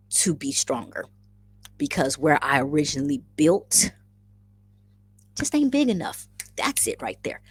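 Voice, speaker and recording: A woman's voice: deep voice, husky, dry recording. A woman hosting a casual livestream, effusively greeting viewers by name and chatting through the comments, often repeating her phrases. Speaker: livestream host.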